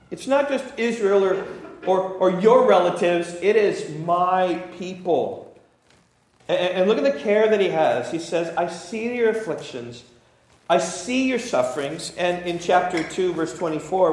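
A man's voice: high-pitched, darkish tone. Male preacher in a very echoey room. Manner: earnest, reads scripture aloud then explains it, stumbles into small restarts. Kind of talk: sermon with scripture reading.

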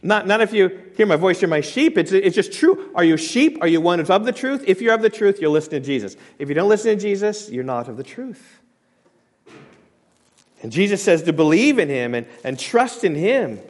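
With a fairly high-pitched voice, this man preaches as a pastor, booming on scripture passages before sinking to a hush. His delivery is forceful, full of repetitions and restarts.

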